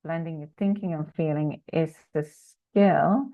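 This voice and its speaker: A woman executive coach giving an interactive workshop talk, asking her audience questions in an animated way. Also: sits low, unhurried, dry recording, phone-quality sound.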